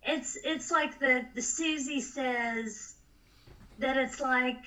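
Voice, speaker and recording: Higher bright voiced woman, earnest and emotional, casual film talk. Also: low-quality recording. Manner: emotional, earnest, quick to laugh. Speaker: podcast co-host.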